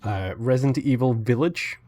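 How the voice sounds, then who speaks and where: A man's voice: mid-range voice, moderate pace, a little mellow. A man co-hosting a casual gaming podcast, joking dryly and trailing off. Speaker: podcast co-host.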